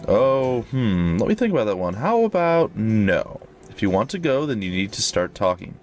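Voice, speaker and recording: Dry, sardonic young swordswoman read by a man, lively pitch. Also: moderate pace, faint music behind. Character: young female sword-fighter heroine, dry and tough.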